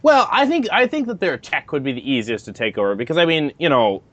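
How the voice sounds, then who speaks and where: A man co-hosting a casual podcast, tossing in quick reactions and teasing questions. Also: fairly high pitch, sing-song, fairly bright tone. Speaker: podcast co-host. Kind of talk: casual chat.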